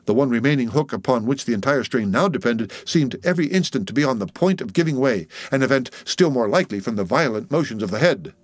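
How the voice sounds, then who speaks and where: Male audiobook narrator, measured and dramatic delivery, dry close recording. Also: medium pitch, dry recording. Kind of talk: audiobook narration of a classic novel.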